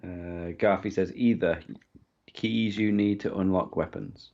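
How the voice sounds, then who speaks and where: A man's voice: deep voice, steady tone, measured pace, creaky, darkish tone, dull audio. A man co-hosting a gaming livestream, trading dry, teasing banter with the player. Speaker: co-host. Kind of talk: casual gaming livestream chat.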